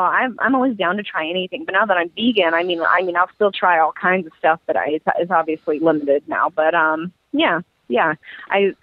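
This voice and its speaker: A woman's voice: on the low side, no echo. A woman guest chatting casually in an interview, talking in a loose, laughing way full of "like". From United States. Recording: tinny phone-like line.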